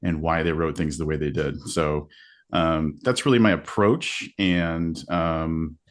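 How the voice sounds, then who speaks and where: A man's voice: extremely low pitch, unhurried. A man who hosts a book podcast, explaining his interview approach on a video-call panel in an earnest, conversational way with many fillers. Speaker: podcast host, panel guest. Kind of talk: casual panel chat. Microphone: video call mic.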